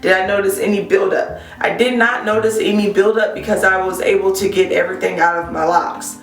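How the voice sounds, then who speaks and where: A woman's voice: mid-range voice, steady tone, fairly quick, vocal fry, far from the mic. A woman with a cold and a scratchy voice, chatting through a casual product review vlog and talking straight to her viewers with frequent ums. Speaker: hair care vlogger. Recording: roomy sound from off-mic with faint guitar music.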